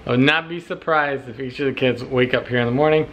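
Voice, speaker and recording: A man's voice: medium pitch, fast, fairly bright tone, highs cut off. A man with an American accent chatting casually to the camera in a family vlog while cooking outdoors at a backyard grill. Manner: easygoing, talks straight to camera. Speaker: family vlogger.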